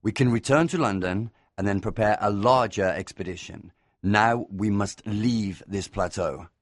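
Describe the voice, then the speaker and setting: A man voicing a cautious, serious older male professor who speaks in a measured, urging way. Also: on the low side, no echo, clean studio sound.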